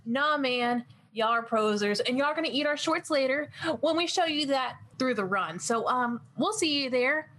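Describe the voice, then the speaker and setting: A woman's voice: high-pitched, expressive, moderate pace, fairly bright tone, a little hiss or hum. A woman tabletop player speaking in brash, slangy trash talk as her character. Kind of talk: playing a brash teen character in a tabletop game.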